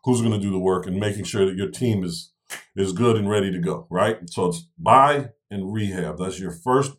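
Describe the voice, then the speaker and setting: A man co-hosting a casual discussion, walking through real estate investing step by step and checking in with "right?" and "okay?". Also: low-pitched. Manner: explanatory, tags points with "right?" and "okay?".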